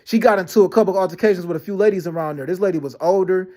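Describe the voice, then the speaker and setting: A man ranting to camera about being lied about, talking fast with heavy slang, profanity and many restarts. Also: high voice, mellow. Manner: fast, repetitive storytelling with frequent restarts and "you know what I'm saying". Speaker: vlogger. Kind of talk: rambling personal rant to camera.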